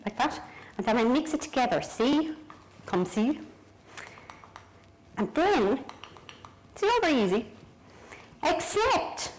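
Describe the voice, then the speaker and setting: A middle-aged Irish woman talking straight to the viewer in a loose, rambling way. She keeps cracking jokes at her own expense. Her voice sits a little high for a woman. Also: slight background noise, low-quality recording. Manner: rambling, jokey and self-mocking, talks straight to the viewer. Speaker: author showing her home. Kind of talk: casual chatty video diary. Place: own home, indoors, moving between rooms.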